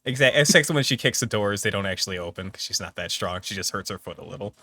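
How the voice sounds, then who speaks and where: Brief: male player, bright and dry, sarcastic. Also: on the low side, lively intonation, quick pace, no room sound. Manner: joking, sarcastic. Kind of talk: tabletop game play, casual chat.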